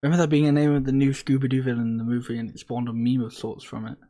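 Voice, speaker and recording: A man's voice: mid-range voice, monotone, rapid-fire, mellow. A man streaming a puzzle game, chatting casually with rambling, sweary jokes and asides. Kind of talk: casual let's-play commentary.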